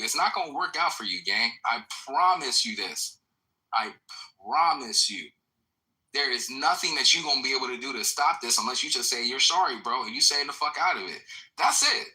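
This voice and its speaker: Bright-voiced man trash-talking aggressively. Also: a little high, expressive, moderate pace, low-quality recording. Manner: aggressive, taunting, heavy profanity. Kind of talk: heated trash talk in an audio chat room.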